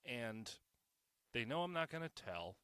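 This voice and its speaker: A man's voice: medium pitch, sing-song, a little slow, pushed and bright, clear, resonant tone, no echo, studio quality. A man hosting his own podcast alone, talking in a sarcastic, joking way with swearing and frequent self-corrections, wired on caffeine. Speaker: podcast host. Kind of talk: solo podcast monologue.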